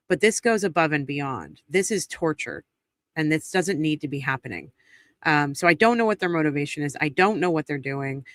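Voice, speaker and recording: Blunt, bright-voiced woman host. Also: low voice, dry recording. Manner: blunt, indignant, swears freely. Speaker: trial recap host. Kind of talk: casual spoken commentary.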